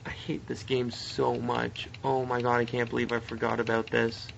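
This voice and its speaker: Gravelly young gamer muttering and yelling. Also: male voice, medium pitch, monotone, normal speed, lo-fi sound, slight background noise. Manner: swings from muttering to frustrated yelling. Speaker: let's play gamer. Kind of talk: live game commentary.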